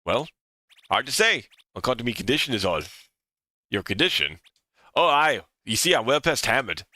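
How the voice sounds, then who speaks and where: A man's voice: medium pitch, very animated, moderate pace, sharp tone, no room sound. A man voicing a boisterous, drunk male pirate sea captain in a put-on pirate brogue, rolling his words and slurring them. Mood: sly.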